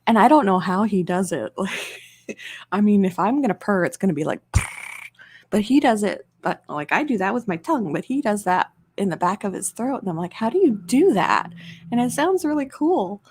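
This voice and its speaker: A woman's voice: mid-range voice, lively intonation, fairly quick, a little mellow, slight background noise. A woman hosting an ASMR live stream, chatting casually and rambling, laughing often into a close microphone.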